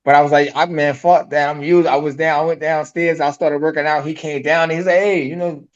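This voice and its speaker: A man's voice: fairly high pitch, fairly even intonation, brisk, muffled recording. A man as a podcast guest, telling his story casually with street slang and acting out the dialogue.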